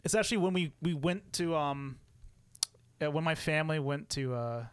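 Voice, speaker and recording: A man's voice: fairly high pitch, moderate pace, clean tone, no echo. A young man co-hosting a podcast, rambling playfully and laughing often in casual chat. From United States. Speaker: podcast co-host.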